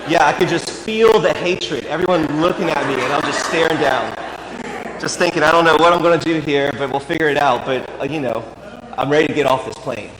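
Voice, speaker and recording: A man's voice: a little high, brisk, noisy background. A man, a priest, telling a humorous story in a sermon with dry, wry asides. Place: church. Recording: echoey church with long reverb.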